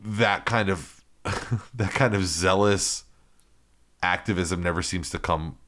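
Man, very low voice, podcast co-host, sardonic, profane, casual chat. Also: takes it slowly, fairly bright tone. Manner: profane, sardonic, laughs often.

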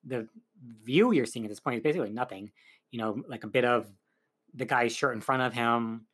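Recapping a film's plot as a reviewer, a man rambles chattily, packing his speech with "like" and "um." His voice is medium-pitched and husky with a fairly bright tone, and he talks fairly quickly.

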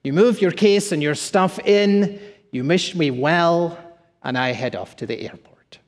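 A male pastor preaching in an emphatic, repetitive cadence. His voice sits high for a man, and it carries a long reverb tail through a large hall. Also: expressive, measured pace. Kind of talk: sermon.

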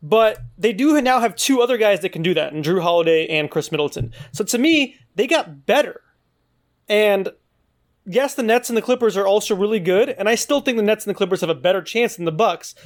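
High-voiced man arguing sports. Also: lively intonation, fairly quick. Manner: assertive, laying out odds and arguments. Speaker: co-host. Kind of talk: casual sports debate.

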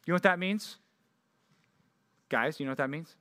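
A young man preaching a youth sermon, energetic and jokey, often checking in with "right?". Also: a little high, moderate pace, long pauses. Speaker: youth pastor.

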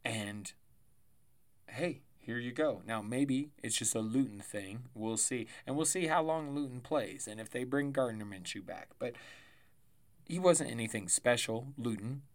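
A man's voice: medium pitch, lively intonation, a little slow. Tired guy rambling thru football stats on his podcast, chatty, keeps correcting himself. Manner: rambling, chatty, self-correcting with asides and laughs. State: tired, yawning. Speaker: fantasy football podcast host. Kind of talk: casual solo sports podcast.

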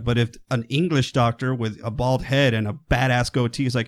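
A man co-hosting a casual film discussion podcast, talking in an animated way, swearing and acting out quotes. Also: medium pitch, a little fast, hardly any pauses. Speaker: podcast co-host.

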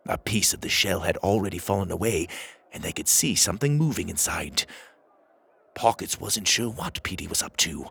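A man narrating a children's audio story, with expressive storytelling. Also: vocal fry, slightly rough, dry recording. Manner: expressive storytelling with lively pitch.

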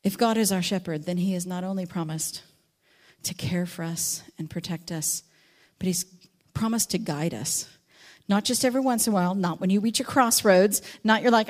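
A woman giving a teaching talk on a psalm, telling stories with acted-out voices and slowing down reflectively on key lines. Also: mid-range voice. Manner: animated storytelling, acts out quotes and sheep with sudden loud voices; reflective, slows and softens on key verses. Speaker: Bible teacher.

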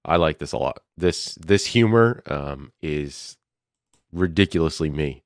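A man co-hosting a podcast, chatting casually with dry, deadpan humor. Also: very deep voice, a little slow, no echo. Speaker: podcast co-host.

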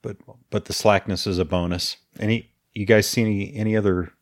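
A man's voice: fairly low pitch, steady tone, fairly quick, no echo, clean studio sound. A man co-hosting a casual book podcast, giving frank opinions with frequent hesitations. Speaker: podcast co-host.

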